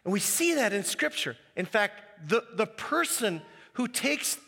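A man preaching a sermon as pastor, animated and acting out the quoted voices. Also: high voice, unhurried, slightly rough, long reverb tail.

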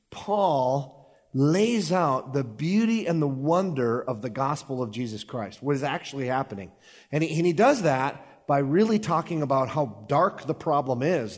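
A man's voice: mid-range voice, husky, big-room sound. A man preaching a conversational sermon at a church service, with playful asides. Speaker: pastor.

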